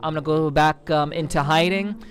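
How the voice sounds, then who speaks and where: This woman is a VTuber casually chatting with viewers as she reads their comments, swearing freely and rambling with lots of fillers and restarts. She speaks at a moderate pace in a low register, with slight background noise.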